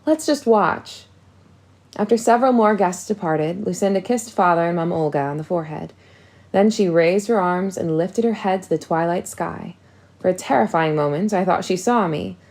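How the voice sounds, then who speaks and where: A woman narrating a storybook in the first person with a measured, expressive reading. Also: on the low side. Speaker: audiobook reader.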